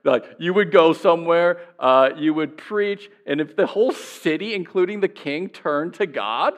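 A man's voice: a little high, expressive, moderate pace. A man preaching a sermon in a conversational way, chuckling now and then and voicing the people he quotes. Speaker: pastor.

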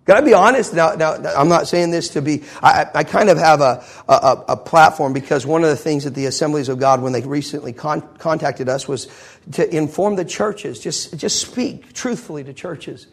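A man with a husky, slightly raised voice preaches a sermon in church. He talks fervently and keeps putting rhetorical questions to his congregation. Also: a little high, moderate pace. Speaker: pastor.

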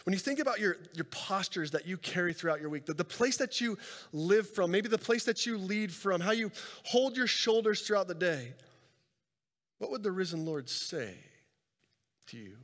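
A man's voice: high-pitched, animated, moderate pace, a bit bright. A young man preaching a sermon as pastor, earnest and conversational, often restarting phrases and asking "right?". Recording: long hall reverb.

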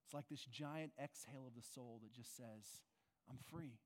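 Earnest pastor preaching in a reverberant hall. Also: male voice, mid-range voice, normal speed. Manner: earnest, conversational preaching with rhetorical questions. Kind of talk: sermon. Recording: long reverb of a large hall.

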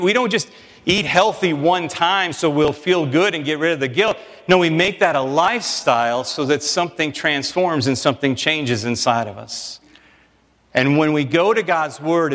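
A middle-aged man preaching a sermon in a conversational, animated way with quick asides to the audience. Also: fairly high pitch. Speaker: pastor. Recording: long hall reverb.

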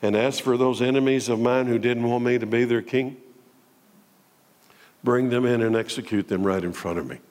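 Dramatic preacher in a reverberant hall. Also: male voice, normal speed. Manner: dramatic, swings between loud declaiming and low intimate tones. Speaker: pastor. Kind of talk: sermon.

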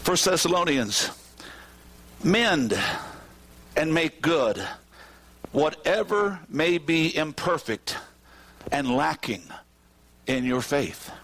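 High-voiced preaching man, swinging loud and soft. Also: animated, takes it slowly, pauses often. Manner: preaching with wide swings, rising to shouts and dropping low. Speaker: pastor. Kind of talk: sermon. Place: church sanctuary with congregation.

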